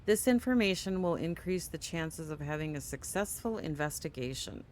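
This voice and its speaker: A gaming channel host works through a game's tutorial screens at home, reading the instructions aloud and breaking off for quick offhand remarks. The voice sits at a middle pitch and sounds sleepy, with yawns it apologises for. A faint low hum stays in the background. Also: lively intonation. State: sleepy, yawning. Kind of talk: casual let's play commentary.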